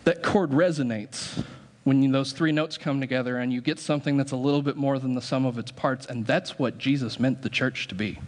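Speaking a little fast in a steady, medium-pitched voice, a pastor runs a singing exercise with his congregation in the church sanctuary. He keeps it light, joking and giving the crowd directions throughout the sermon.

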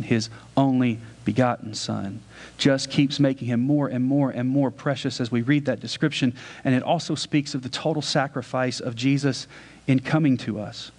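A man's voice: medium pitch, darkish tone, long reverb tail. A pastor delivering a sermon in an earnest preaching manner, putting questions to his congregation.

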